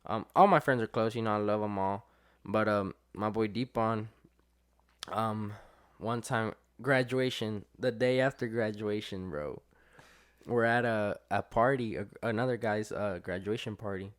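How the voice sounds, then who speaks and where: A young adult man, a podcast guest, telling a story in casual chat, with lots of fillers and quotes acted out in lively voices. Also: lowish voice, unhurried, smooth.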